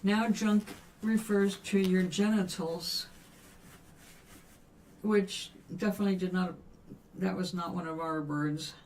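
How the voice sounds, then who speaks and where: A woman's voice: lowish voice, steady tone, slow pace, pauses often, darkish tone, slight background noise. Older woman chatting while painting. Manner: chatty, musing aloud, answering live viewers. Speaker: livestream host. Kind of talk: casual chat while painting.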